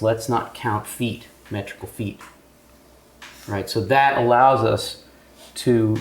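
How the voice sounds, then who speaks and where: A man's voice: fairly low pitch, vocal fry. A man leading a poetry seminar discussion, explaining and asking the group questions. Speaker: discussion leader. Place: arts cafe room. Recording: roomy echo, faint ambience.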